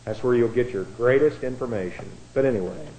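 A man preaching a sermon as pastor, blunt and digressive, with many restarts and swings from quiet asides to loud emphatic lines. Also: mid-range voice, fairly quick. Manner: blunt, digressive, with frequent restarts and a dry chuckle. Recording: echoey room.

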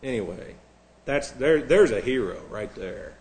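Sarcastic preacher in an echoey room. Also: male voice, medium pitch, expressive, measured pace, darkish tone. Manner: sarcastic, mocking. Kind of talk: sermon.

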